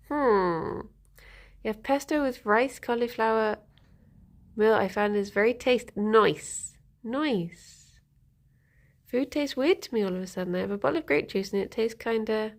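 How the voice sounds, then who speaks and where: A woman's voice: fairly high pitch, gravelly. A young woman chatting casually on a live stream, giggling and answering viewer comments.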